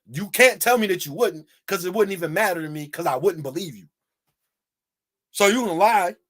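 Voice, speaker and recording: High-voiced man ranting on camera. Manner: animated, repeats rhetorical questions, swears freely. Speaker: video commentator. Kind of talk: casual reaction commentary.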